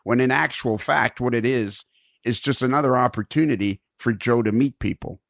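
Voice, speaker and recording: Gravelly low guy hosting a podcast, kinda rambly, dry close mic. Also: moderate pace, fairly bright tone, no room sound. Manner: rambling, searching for words, chuckles while telling stories. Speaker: podcast host. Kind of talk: casual conversational interview.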